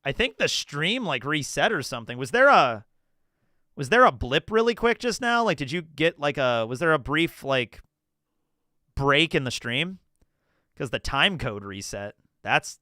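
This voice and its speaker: A man's voice: mid-range voice, sharp tone, clear, resonant tone, no room sound, clean studio sound. A man streaming live, rambling through casual commentary, swearing and laughing as he goes.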